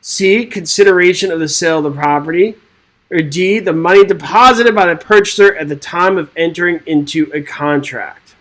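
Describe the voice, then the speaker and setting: A man's voice: fairly high pitch, normal speed, a bit bright, rough recording. Upbeat jokey man teaching a webinar. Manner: upbeat, jokey, reads quiz questions and chats with viewers. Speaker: real estate exam instructor.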